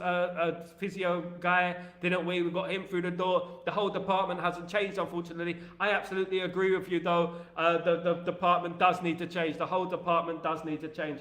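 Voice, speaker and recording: A young East London man hosting a football live stream, his voice pitched fairly high for a man. He reads out viewer comments and riffs on them in an animated, chatty way. The room around him has a noticeable echo. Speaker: livestream host. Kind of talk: casual live-stream chat.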